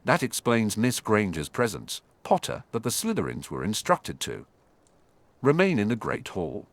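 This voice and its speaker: A man's voice: on the low side, huge pitch swings, moderate pace, no echo. A man doing a polite, fussy little professor. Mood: apologetic. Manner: polite, apologetic, precise. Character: small fussy older male charms professor.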